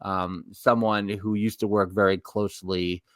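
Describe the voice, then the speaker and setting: Low-voiced New York man, rambling host. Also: level tone, a little slow, a bit bright, no echo. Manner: rambling, self-correcting storyteller. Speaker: podcast co-host. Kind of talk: casual chat.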